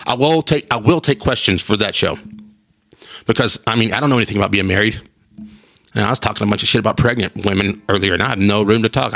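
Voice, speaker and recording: A man talks loosely into his podcast mic, circling back and restarting his sentences as he goes. His mid-range voice carries a steady gravelly fry underneath. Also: mid-range voice. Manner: rambling, animated, with repeated restarts. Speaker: podcast host. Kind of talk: casual solo podcast chat.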